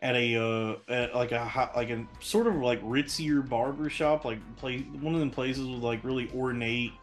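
A man's voice: mid-range voice, fairly even intonation, normal speed. A man in the middle of his speaking range tells a long story on a podcast. He swears constantly and trips over his words, restarting phrases as he goes. Faint music plays underneath. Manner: rambling, profane, frequent restarts and fillers. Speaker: podcast host. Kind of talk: casual storytelling monologue.

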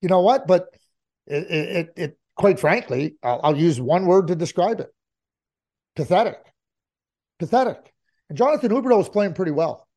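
A man's voice: high voice, lively intonation, fairly quick, a little mellow. A man giving his take on hockey in casual talk, emphatic and repetitive, often restarting his sentences. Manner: emphatic, repeats points, stammering restarts. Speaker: hockey analyst.

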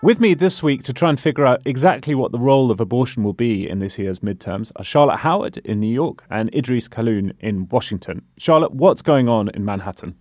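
Lively-voiced male news podcast host. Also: mid-range voice, a little fast, hardly any pauses, dry recording.

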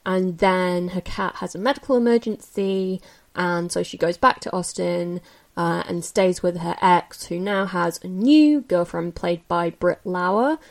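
A woman casually reviewing films she watched, candid and chatty, with many fillers and restarts, jumping up in pitch when she gets opinionated. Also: measured pace, vocal fry. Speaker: film reviewer. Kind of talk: casual spoken film review.

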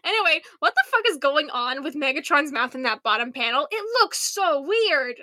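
A young American woman co-hosting a casual podcast, rambling excitedly and swearing freely. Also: sits high, normal speed, dry recording. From United States. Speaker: podcast co-host. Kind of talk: casual fan chat.

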